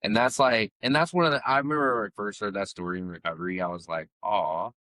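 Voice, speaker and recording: A man co-hosting a podcast, chatting casually and telling an old story in a relaxed way, often repeating words as he goes. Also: fairly low pitch, fast, no echo, low-quality recording. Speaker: podcast co-host.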